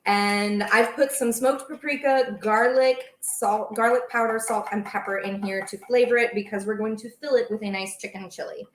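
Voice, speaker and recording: A woman's voice: a little high, steady tone, normal speed, few pauses, reverberant. A young woman hosting a casual baking livestream from her home kitchen, chatting and reading out viewer comments. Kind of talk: casual live-stream chat while cooking.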